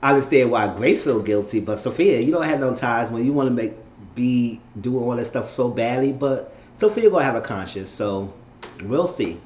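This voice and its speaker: A man's voice: mid-range voice, animated, normal speed, a little mellow. A man giving a casual, opinionated spoken recap of a TV episode, retelling scenes and acting out what the characters say. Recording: echoey dull lo-fi room with faint noise.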